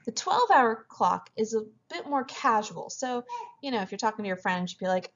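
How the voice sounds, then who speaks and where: A woman's voice: mid-range voice, expressive, a little fast, lo-fi sound. A woman teaching a French class, explaining step by step and mixing French phrases into her English. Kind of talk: classroom lecture over slides.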